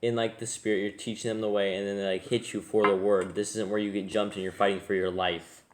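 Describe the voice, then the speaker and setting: A man's voice: fairly low pitch, flat delivery, background noise. A man explaining scripture in a casual discussion, using many fillers like "like" and "I mean.". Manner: quick, filler-heavy, lots of "like".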